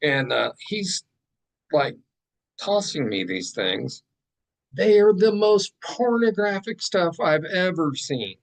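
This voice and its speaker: A man, a podcast guest and artist, telling a story in a casual, animated way with plenty of fillers and asides. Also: high-pitched, slow, vocal fry, rough recording.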